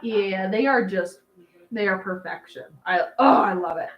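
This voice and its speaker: A woman's voice: medium pitch, measured pace, echoey room, lo-fi sound. A woman in her thirties chatting casually on a livestream, rambling with fillers and laughs, doting on her dog. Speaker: livestream host.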